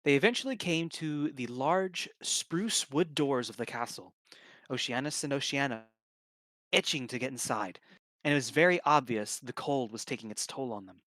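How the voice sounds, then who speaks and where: A man's voice: medium pitch, lively intonation, moderate pace, fairly bright tone, dry recording. A man reading a story aloud on a live stream, casually breaking off to comment. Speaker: story reader, stream host.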